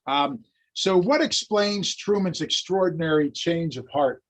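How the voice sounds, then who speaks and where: A man lectures on history in a storytelling way and acts out the quotes. His voice is husky and a little higher than most men's. He talks to an audience. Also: unhurried.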